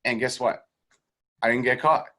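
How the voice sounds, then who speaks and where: Animated man teaching with acted-out voices. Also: medium pitch, normal speed. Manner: animated storyteller who acts out quoted voices; swears casually and laughs between points. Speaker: guest real estate sales coach. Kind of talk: casual interview teaching.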